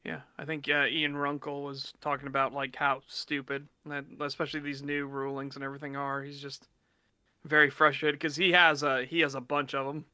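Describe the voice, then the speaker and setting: A man's voice: mid-range voice, monotone, fairly quick, bright, forceful tone, clean tone, no echo. A man chatting casually as a podcast guest, making dry sarcastic jokes and slipping into mock voices. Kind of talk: casual chat.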